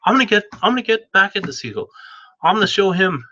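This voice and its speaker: A hungry, stubborn young boy, voiced by a man telling the story, sounding exasperated and muttering to himself. The voice sits a bit high and bright. It comes through a dull, lo-fi recording. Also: sing-song, quick pace, heavily acted. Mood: indignant.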